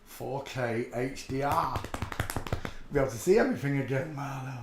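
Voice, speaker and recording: Man, casual unboxing chat, excitable and chatty, roomy echo, noisy background. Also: medium pitch, moderate pace. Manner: excitable, chatty, talks softly to his dog. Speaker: channel host.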